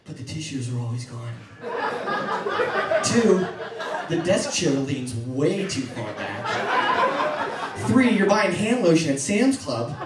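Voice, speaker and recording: A male stand-up comedian on a comedy club stage, doing his routine in an animated way and jumping into high mock voices. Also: takes it slowly, long pauses, heavy background noise. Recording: echoey club from far off. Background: audience laughter.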